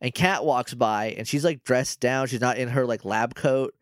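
A man's voice: mid-range voice, no echo. Man, podcast co-host, casual recap chat, rambling, dry close mic. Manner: rambling, quoting characters in quick put-on lines.

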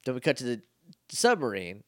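A man's voice: medium pitch, huge pitch swings, a little fast, no room sound, clean studio sound. A man co-hosting a podcast, chatting casually and jokily about an episode and acting out the characters' lines. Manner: jokey, acts out characters' lines. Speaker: podcast co-host. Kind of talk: casual chat recapping an episode.

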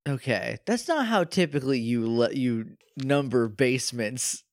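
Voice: mid-range voice, animated, a little slow, no room sound, studio quality. A podcast co-host in casual chat about a video game, sarcastic, swearing freely and making jokey outbursts.

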